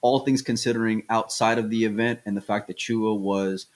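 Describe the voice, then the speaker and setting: A man co-hosting a pool podcast in casual chat, excitable and telling stories with many restarts. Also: on the low side, normal speed. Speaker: podcast co-host.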